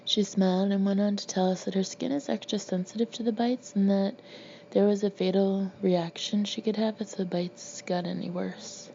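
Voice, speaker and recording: A woman narrates her own memoir in a dry, sardonic, deadpan voice. Her tone is warm and low-key. The recording is slightly muffled, with a faint hiss behind her. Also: moderate pace, gravelly. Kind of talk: audiobook narration.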